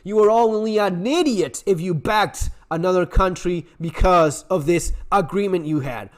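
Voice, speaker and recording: Man, high-pitched, survival channel host, sarcastic, blunt, profane, ranting commentary. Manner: sarcastic, blunt, swears freely; ranting, with frequent restarts. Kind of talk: opinionated commentary to camera.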